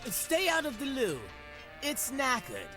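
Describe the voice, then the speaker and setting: A man's voice: very high-pitched, huge pitch swings, slow pace, music in the background, exaggerated voice. An actor playing a male shopkeeper who puts on an over-the-top posh British accent in a cartoon game. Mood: hammy posh.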